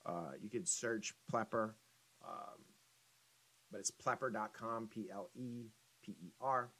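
Relaxed, chatty man with a low voice. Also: slow pace, husky, rough recording. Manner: relaxed and chatty, many ums and restarts. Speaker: business marketing instructor. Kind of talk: casual screen-share tutorial.

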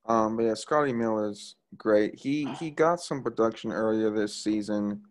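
A young man co-hosting a casual sports podcast, enthusiastic and quick to laugh. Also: fairly low pitch. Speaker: podcast co-host.

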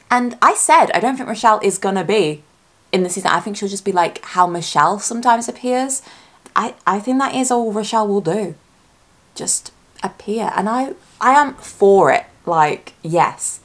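A woman talking casually as a YouTuber reacting to a trailer, chatty and excitable, thinking aloud and correcting herself as she goes. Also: mid-range voice, normal speed. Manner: speculative fan talk, often self-correcting.

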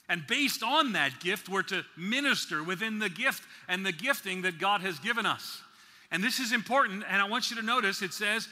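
A man from the New York City area preaching at a conference, slowing down to stress key words and dropping in playful asides. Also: sits high, sharp tone. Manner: slow deliberate emphasis, playful asides. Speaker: conference speaker. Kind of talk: sermon. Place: large conference hall. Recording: reverberant hall.

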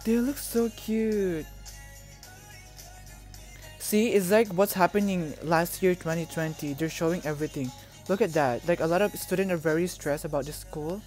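A young woman from the Philippines talks through a music video reaction, gushing and emotional, exclaiming often. Her voice sits a little low for a woman. Faint music plays behind her. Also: a little fast, darkish tone.

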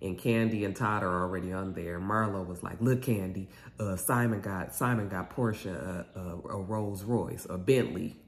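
A man giving a casual, animated recap of a reality TV episode, gossipy and sassy. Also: sits low, moderate pace, hardly any pauses, echoey room.

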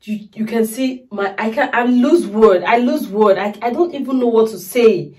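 A tearful woman gushes to her viewers in a reaction vlog, repeating her praise over and over. Her voice sits a little high for a woman. She is picked up from slightly back from the microphone. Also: moderate pace, a little mellow, far from the mic. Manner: effusive, repeats exclamations, keeps calling viewers "guys". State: tearful, crying. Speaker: music reaction video host.

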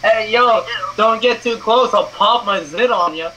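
A man's voice: high-pitched, a little slow, bright, forceful tone, slight background noise. A young man talking crudely and mockingly with lots of swearing on a video chat. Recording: dull lo-fi webcam audio.

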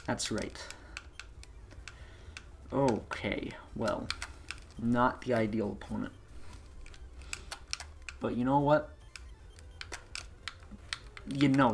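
Profane, excitable man narrating gameplay. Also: fairly low pitch, gravelly, a little hiss or hum. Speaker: let's play gamer. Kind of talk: casual gaming commentary.

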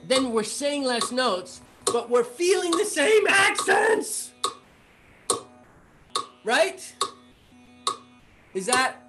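A man teaching rhythm in a casual music lesson, chanting rhythm syllables between relaxed explanations. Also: very high voice. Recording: noisy recording with clicks.

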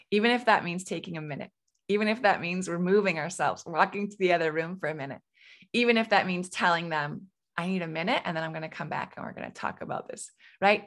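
A woman in her thirties, with a lowish, fairly bright voice, hosts a solo parenting podcast. She delivers advice as a conversational coach, regularly checking in with "right?"

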